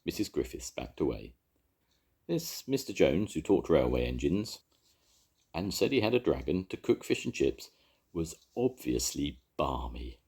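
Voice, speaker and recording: Brief: older male storyteller, very deep, husky, lively reading. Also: normal speed. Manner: expressive reading. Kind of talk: children's story read aloud.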